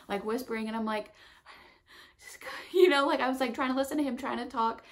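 A woman's voice: fairly high pitch, fast, slight background noise. A young pregnant woman telling a story in a casual, chatty vlog, full of fillers and laughing as she goes. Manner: chatty, lots of fillers, emotional retelling. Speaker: vlogger.

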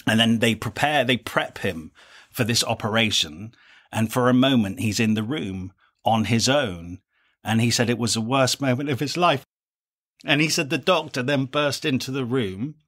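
A man's voice: mid-range voice, moderate pace, a bit bright. Earnest man co-hosting a book podcast. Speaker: podcast co-host. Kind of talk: casual book-discussion chat.

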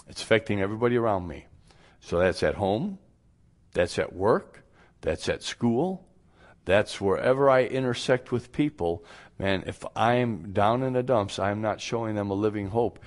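In a lowish, expressive voice and at a measured pace, a man preaches a folksy, down-to-earth radio sermon as pastor. Now and then he plays both parts of made-up everyday exchanges.

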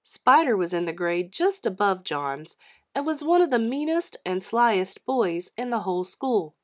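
A woman reading a children's chapter book aloud as narrator, with an expressive storytelling delivery. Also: mid-range voice, a little slow. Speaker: read-aloud host.

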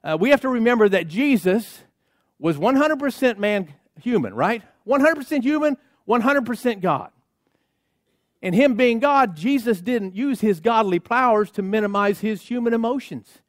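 A man's voice: sits high, animated, moderate pace, dry recording, clean studio sound. A man preaching a sermon as a pastor, speaking emphatically and driving his points home through rhythmic repetition and call-outs to the congregation. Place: church sanctuary.

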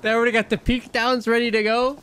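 A man's voice: extremely high pitch, flat delivery, fast talker, background noise. A young man from Canada, a gaming YouTuber giving upbeat casual commentary, swearing freely.

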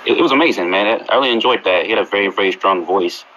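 Deep-voiced fast-talking man on a call. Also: sharp tone, highs cut off, a little hiss or hum. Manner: quick, enthusiastic, slangy. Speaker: contest judge. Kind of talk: casual judging feedback. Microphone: video call.

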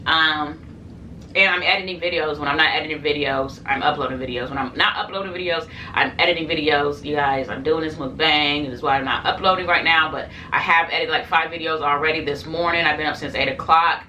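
A woman's voice: deep voice, brisk, bright, forceful tone. A young woman chatting to camera on her eating show, rambling casually with lots of fillers, talking to her viewers. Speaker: mukbang and reaction channel host. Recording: slightly distant mic with faint room noise.

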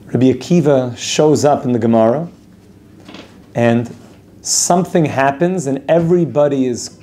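A man gives a Torah lesson outdoors at a lookout. He speaks at a middling pitch and leans into the story, repeating key phrases to drive them home. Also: dark tone, slight background noise. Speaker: rabbi teaching a Torah class. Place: outdoors at a lookout over a city.

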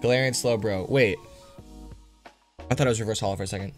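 Excitable young-sounding male streamer. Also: on the low side, quick pace, soft background music. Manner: excitable, slangy, says dude a lot. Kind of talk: casual live-stream chat while opening card packs.

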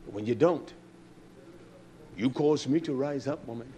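A man preaching a sermon, swinging between raised shouting passages and low, confiding asides to the congregation. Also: unhurried, dull audio, a little hiss or hum.

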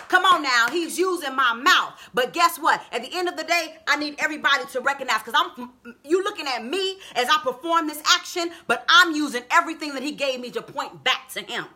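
A woman preaches a live online sermon in a high, bright, ringing voice. She speaks, keeps calling "come on now" to her listeners, and rises into fervent shouts.

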